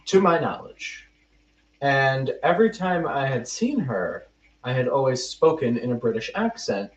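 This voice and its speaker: Young male podcast host, self-mocking storyteller, muffled distant sound. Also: medium pitch. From United States. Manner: rambling, self-mocking, restarts mid-sentence. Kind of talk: casual storytelling chat. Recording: roomy, distant and muffled mic.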